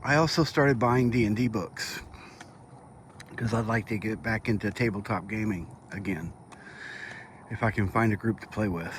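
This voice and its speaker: A man's voice: lowish voice, moderate pace, pauses often, slight background noise. A middle-aged man with the hiccups, giving a rambling, hesitant update to his viewers while walking outdoors at night. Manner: rambling, hesitant, with many fillers. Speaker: vlogger. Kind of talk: casual walk-and-talk update.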